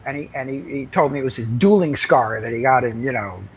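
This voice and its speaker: A man's voice: medium pitch, fairly quick, slight background noise, rough recording. An older man, a comics writer, telling anecdotes in casual interview chat, rambling with many fillers and restarts.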